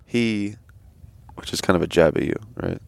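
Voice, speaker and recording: Young guy on a podcast, low-ish voice, swears a lot, jumps way up when he acts out quotes, dry close sound. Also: moderate pace, creaky, smooth, no echo. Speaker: podcast co-host. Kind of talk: casual chat. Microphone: headset.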